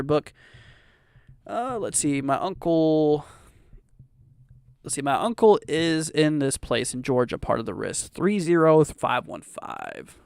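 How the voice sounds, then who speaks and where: Young male weather streamer, gravelly and lively, rambling chat with many fillers, dry close desk mic. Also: mid-range voice, no room sound. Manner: rambling, many fillers and restarts, reads viewer chat aloud. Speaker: weather livestream host. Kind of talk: casual live weather commentary.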